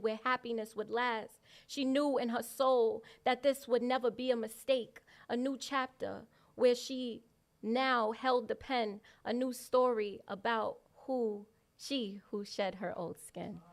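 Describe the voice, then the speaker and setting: A woman at an open mic in an indoor venue, reciting a spoken word poem in a deliberate, bubbly manner. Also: a little high. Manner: slow, deliberate, bubbly sign-off.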